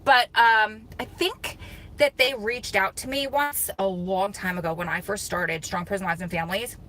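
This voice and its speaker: A woman's voice: mid-range voice, normal speed, a little hiss or hum, rough recording. A young woman hosting a casual livestream, chatting animatedly, telling stories and reading comments. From United States. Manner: chatty, animated storytelling, laughs often. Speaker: vlog host.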